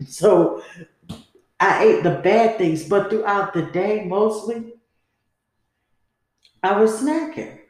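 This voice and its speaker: A woman's voice: mid-range voice, slow, pauses often, a little mellow. Candid woman talking in a very echoey room. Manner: candid, conversational, rambling. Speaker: podcast host. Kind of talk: personal storytelling monologue.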